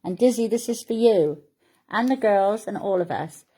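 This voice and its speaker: A woman's voice: medium pitch, expressive, moderate pace, mellow, breathy edge. A middle-aged woman vlogger chatting casually to camera in a heartfelt, rambling way and reading her poems aloud.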